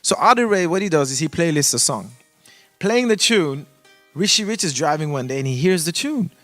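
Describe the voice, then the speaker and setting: A man from Toronto, telling a story in a casual podcast chat, animated and profane, acting out the voices of the people in it. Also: a little high, brisk, no echo, faint music behind. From Toronto, Canada. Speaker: guest musician.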